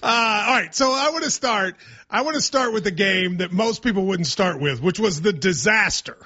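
A man's voice: high-pitched, animated, normal speed, pushed and bright. A man hosting a casual sports talk show, joking and rambling through asides, on slightly muffled audio. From Kentucky.

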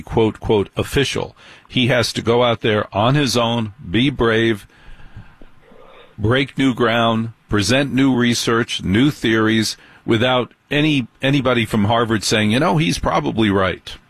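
A man's voice: medium pitch, fairly bright tone, husky, dry recording, low-quality recording. A man hosting an interview, talking in an earnest, emphatic way. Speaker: podcast host. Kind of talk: casual interview chat.

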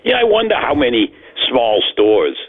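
An older man chatting casually in a rambling, storytelling way with a gravelly, husky voice. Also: mid-range voice, wildly swooping pitch, normal speed. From New England. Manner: rambling storyteller with many fillers. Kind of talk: casual chat. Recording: tinny phone line.

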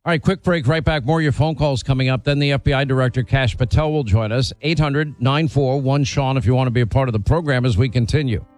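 A man's voice: medium pitch, fast, few pauses. A middle-aged man hosting a call-in radio talk show, blunt and opinionated, teasing his callers.

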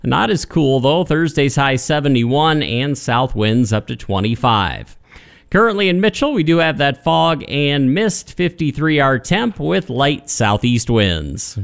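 A man reading a local radio weather report in a brisk, steady broadcast delivery on a studio microphone. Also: mid-range voice, vocal fry, smooth.

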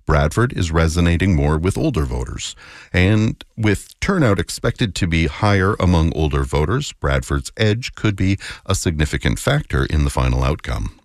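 Male newsreader, deep voice, dry close studio sound. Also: animated, no room sound. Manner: measured, authoritative delivery. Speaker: radio news anchor. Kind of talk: newscast reading. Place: radio studio. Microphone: close studio mic.

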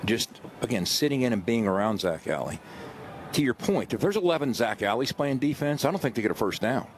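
A man's voice: medium pitch, animated, fairly quick, slight background noise. A man giving earnest, explanatory football analysis on a sports radio show.

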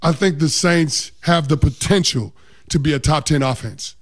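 High-voiced football analyst, confident. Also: male voice, moderate pace. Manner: confident, explanatory, uses "like" often. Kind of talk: sports talk show.

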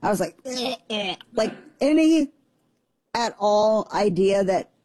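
A woman telling stories as co-host on a casual talk show, animated and laughing often. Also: medium pitch, unhurried. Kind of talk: casual chat.

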